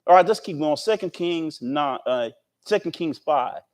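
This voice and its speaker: A man's voice: a little high, expressive, moderate pace. An American man preaching a folksy, conversational Bible lesson, often repeating and restarting his words.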